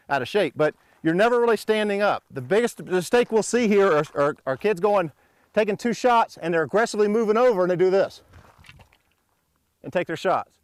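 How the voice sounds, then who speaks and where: At an outdoor shooting range, a middle-aged shooting coach with a somewhat high voice for a man teaches a pistol drill. He mixes playful, joking threats with brisk, commanding drill calls to his students, and the recording is dry.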